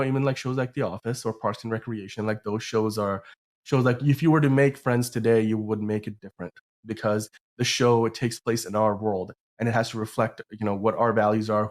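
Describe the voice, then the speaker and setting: A man's voice: fairly low pitch, a little mellow. A man hosting a podcast in a casual chat, rambling with lots of fillers and restarts while sounding sick. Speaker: podcast host.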